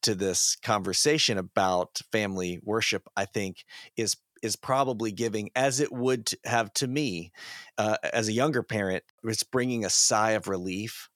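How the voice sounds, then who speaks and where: Man, podcast host; thoughtful, affirming, slightly low voice, dry sound. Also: normal speed, a bit bright, no room sound. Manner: thoughtful, affirming, frequent murmured agreement. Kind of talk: casual podcast conversation.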